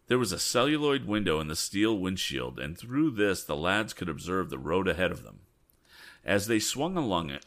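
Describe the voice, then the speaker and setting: A man's voice: sits low, sing-song, moderate pace, fairly bright tone. A man reading an old adventure story aloud, breaking off for chatty asides. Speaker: reader.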